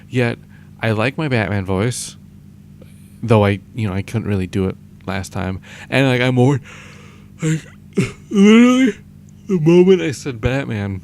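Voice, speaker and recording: A young man talking in a downcast, halting, self-deprecating way in a confessional audio diary. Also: on the low side, vocal fry, slight background noise. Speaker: vlogger.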